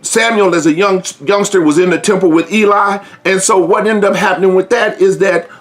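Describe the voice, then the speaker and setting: High-voiced man giving an earnest sermon. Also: steady tone, brisk. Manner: earnest, repeats words and restarts, direct address. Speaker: preacher. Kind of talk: informal sermon.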